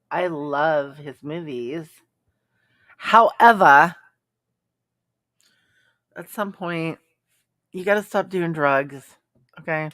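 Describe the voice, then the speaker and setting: Reacting to comments from her viewers, a live-stream host keeps it casual, blunt and sarcastic, peppering her talk with ums. Her voice is deep and a bit bright.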